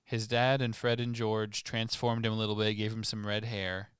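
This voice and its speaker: A man's voice: on the low side, flat delivery, normal speed, fairly bright tone, clean tone, no room sound, studio quality. A man co-hosting a podcast, chatting casually about a book and riffing jokes with his co-host. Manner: jokey, riffs with goofy bits. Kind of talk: casual book-discussion chat.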